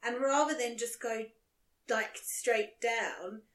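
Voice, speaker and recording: A woman's voice: a little high, fairly even intonation, slow pace, a bit bright. A young woman co-hosting a podcast, chatting casually and swearing now and then. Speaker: podcast co-host. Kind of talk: casual chat. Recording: echoey room.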